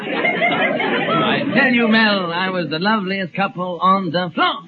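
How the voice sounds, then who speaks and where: A man's voice: high-pitched, wildly swooping pitch, takes it slowly, phone-quality sound, a loud crowd, exaggerated voice. An actor playing a vain, smug ladies' man who boasts about himself in 1940s radio sitcom style. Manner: preening, self-admiring boasts. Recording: old radio broadcast, loud hiss, studio audience.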